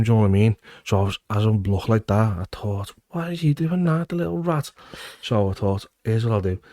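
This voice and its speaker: A man's voice: lowish voice, no room sound. A man in his thirties, a former footballer with a Liverpool accent, telling stories in a casual interview, acting out quotes and swearing freely. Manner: animated, swears freely, acts out quotes loudly.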